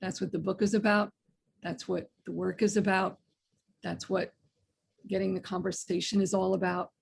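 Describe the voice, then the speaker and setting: A woman's voice: medium pitch, flat delivery, normal speed, gravelly, a little hiss or hum. A woman guest on a podcast interview, telling stories in an earnest way with frequent restarts. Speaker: guest author.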